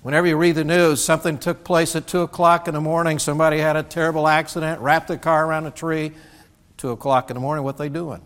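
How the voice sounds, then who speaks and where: A man's voice: fairly high pitch, fast. A man preaching a sermon as pastor, telling folksy stories and acting out other people's lines, originally from Indiana. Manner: folksy storytelling with animated quoted voices. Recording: church sanctuary with long reverb.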